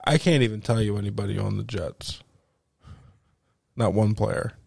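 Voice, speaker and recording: A man with a low, gravelly voice hosts a casual home podcast. He swears freely and tells stories with animated energy, acting out other people's lines. His voice sounds dry and close to the mic. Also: moderate pace, no echo. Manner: profane, animated storytelling; acts out quoted voices. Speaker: podcast host. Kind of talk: casual chat.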